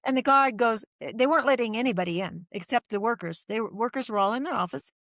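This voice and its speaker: Speaking fast in a fairly high voice, a middle-aged woman shares her story as a guest on a podcast. The studio-quality recording has no room sound, and she animates her tale by acting out the voices of those she quotes.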